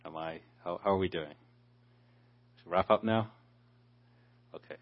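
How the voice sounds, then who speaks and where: A deep-voiced man at normal speed preaches a Bible study, expounding a passage verse by verse and acting out the people he quotes. The recording has a dull lo-fi sound.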